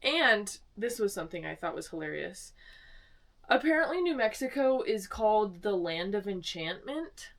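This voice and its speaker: Sitting far from the mic in a small home studio, a young woman from Arizona co-hosts a podcast at a moderate pace and medium pitch. She narrates stories in easygoing chat and brings the quotes to life with lively voices.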